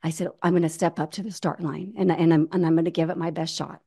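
A woman in her forties tells a personal story as an interview guest. Her voice sits slightly low, and she talks in an animated way with frequent restarts. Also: quick pace, vocal fry, breathy edge. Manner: animated, many restarts, acts out quoted voices. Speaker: guest, ultramarathon runner.

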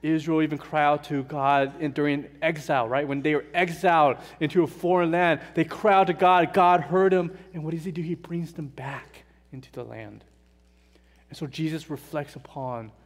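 A man preaching a sermon in a church, earnest and emphatic, slowing down and falling soft on painful words. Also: a little high, steady tone. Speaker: pastor. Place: church sanctuary. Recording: long hall reverb.

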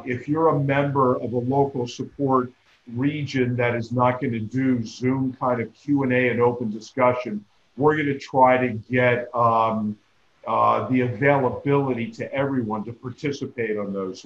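Man, webinar host, closing announcements, measured, halting, roomy room, dull lo-fi sound. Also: mid-range voice, steady tone. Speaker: host of a support network webinar. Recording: roomy dull video call audio.

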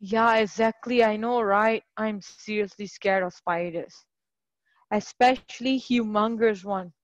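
A woman's voice: mid-range voice, fairly even intonation, measured pace, no echo, muffled recording. A woman tutoring English in a live online class, chatty and encouraging, greeting students by name.

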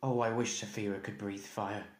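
A man's voice: lowish voice, flat delivery, moderate pace, natural voice. A man doing a hurt, frustrated farm boy. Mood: despairing. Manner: pleading and exasperated. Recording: echoey room.

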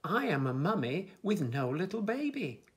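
A man voicing a kind young mother in a children's storybook, bright and kindly. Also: high voice, sing-song, normal speed, pitched above the performer's own voice.

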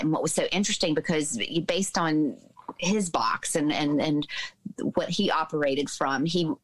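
A woman in her fifties from the Southern United States, a podcast guest telling personal stories in a lively way, with many fillers. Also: low-pitched, poor audio. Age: 50s. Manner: lively storyteller, mimics voices in quotes, many fillers. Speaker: podcast guest, author and healer. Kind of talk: personal storytelling in a conversation.

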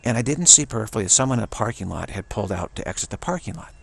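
A man's voice: on the low side, expressive, racing, gravelly, breathy edge. A man giving a solo spoken commentary, rambling earnestly and often repeating and restarting his phrases. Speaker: channel host.

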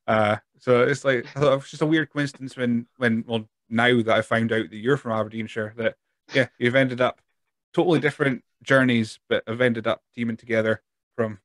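A man's voice: medium pitch, a bit bright, dry recording. A Scottish man hosting a podcast interview, chatting casually and rambling with laughs. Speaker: podcast host.

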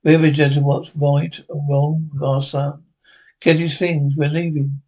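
A man's voice: on the high side, flat delivery, unhurried, dark tone. A man voicing a weary, anxious old father. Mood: stern. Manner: tired, pleading and worried.

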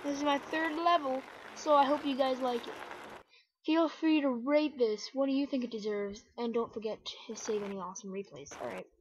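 A woman narrating her own game run as she plays, slipping between low mutters and sudden excited yelps. Her voice sits a little high for a woman. A steady hiss of background noise runs under the recording. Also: normal speed, low-quality recording. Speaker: gamer. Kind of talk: let's play commentary.

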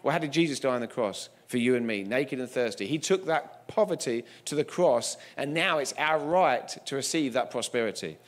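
A man's voice: medium pitch, expressive, normal speed, hardly any pauses. A man giving a sermon as a guest preacher, telling humorous stories in an emphatic way.

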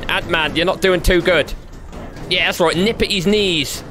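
A young man doing lively gameplay commentary, trash-talking with slang and laughing often. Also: high voice, moderate pace, soft background music. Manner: rowdy, jokey trash-talk with slang and frequent laughter. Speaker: gaming YouTuber.

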